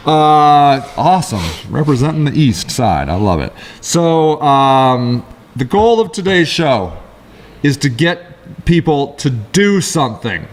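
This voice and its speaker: A middle-aged man co-hosting a casual talk show, telling rambling stories in quick, lively bursts. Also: fairly high pitch. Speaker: co-host. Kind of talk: casual chat.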